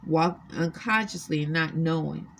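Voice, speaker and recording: A woman's voice: deep voice, normal speed, vocal fry, a bit bright, a little hiss or hum. A woman earnestly recounting her own experiences to the camera from a hotel room, insistent and emphatic. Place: extended-stay hotel room.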